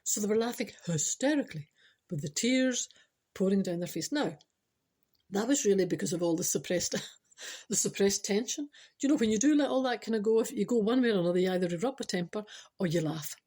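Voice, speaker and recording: Speaking at a brisk pace in an animated, medium-pitched, mellow voice, this woman from Scotland, in her forties, rambles through a comic story. She chats away, cuts herself off, drops in "I know" again and again, and wanders into ad-libbed digressions.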